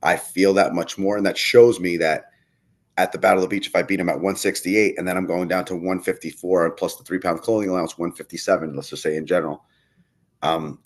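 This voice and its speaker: A man chatting casually as a podcast guest, telling a rambling story and swearing often. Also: low-pitched. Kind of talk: casual chat.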